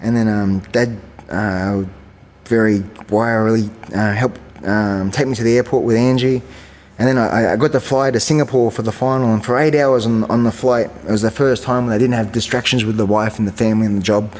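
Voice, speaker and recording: A man's voice: on the low side, fairly even intonation, a little fast, darkish tone, big-room sound. A man, telling stories in a casual interview, rambling with fillers and restarts and acting out quotes. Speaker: guest, champion kickboxer.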